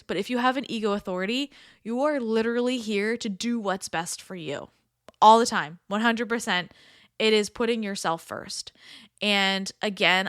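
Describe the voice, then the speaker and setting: A woman's voice: medium pitch, a bit bright, no echo, clean studio sound. A woman hosting a podcast, giving casual coaching advice in a chatty, upbeat way with lots of filler words. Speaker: podcast host.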